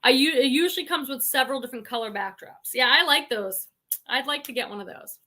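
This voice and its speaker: A woman's voice: high voice, fast talker, pushed and bright. A woman with a Boston accent hosting a casual livestream, chatting and reading viewer comments aloud. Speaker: reseller livestream host.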